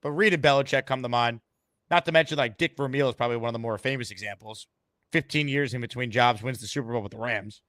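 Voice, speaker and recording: A man's voice: mid-range voice, fast talker, fairly bright tone, no room sound. A man hosting a sports podcast, talking brashly and theatrically, taking calls and reading out comments. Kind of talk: fan podcast monologue and call-in.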